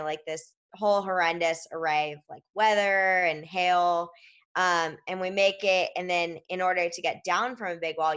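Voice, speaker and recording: A woman's voice: fairly low pitch, fairly bright tone, clean tone. A woman guest in an interview, telling a story casually, filling her speech with "like" and "um" and explaining things step by step.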